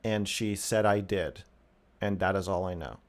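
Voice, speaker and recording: A man who is a guest in an interview, telling stories bluntly and often dropping to a quiet mutter. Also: low voice, fairly even intonation, moderate pace. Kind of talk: casual conversation.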